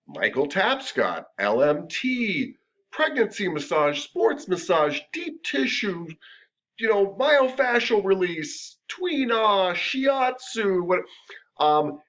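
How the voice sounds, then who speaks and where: A middle-aged man teaching a massage therapy class in a chatty, joking way with animated asides. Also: mid-range voice, muffled recording. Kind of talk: classroom lecture.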